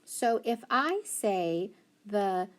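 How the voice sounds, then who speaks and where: A woman's voice: medium pitch, animated. Woman teaching phonics, sounding out syllables. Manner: slow, drawn-out sounding of syllables and praise. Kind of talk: phonics lesson for children.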